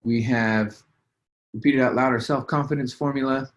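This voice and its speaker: Man, business coach, mid-pitch, relaxed chatty delivery with "uh"s and restarts, coaching a group. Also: normal speed, highs cut off. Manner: casual, conversational, many fillers and restarts. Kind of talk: motivational training talk. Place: at a desk, writing as he talks.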